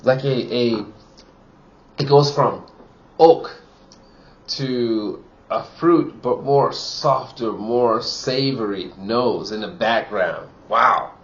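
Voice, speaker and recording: A man's voice: mid-range voice, very slow, muffled recording. A man giving a casual wine tasting review, chatty and full of "you know" fillers, from Wisconsin.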